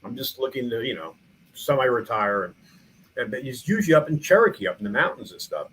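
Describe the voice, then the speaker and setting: A man's voice: medium pitch, lively intonation, quick pace, a bit bright, a little hiss or hum, rough recording. A middle-aged man from New York, a museum founder and small-town mayor, chatting in a podcast interview with many restarts. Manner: rambling, frequent restarts and fillers.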